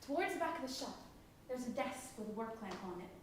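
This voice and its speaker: An actress on a stage playing a lively woman who reads out a chatty, gushing letter from England. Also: on the high side, fast talker, lightly acted. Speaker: stage actor. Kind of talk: stage play reading a letter aloud. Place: theatre stage. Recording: echoey theatre, from far off, faint noise.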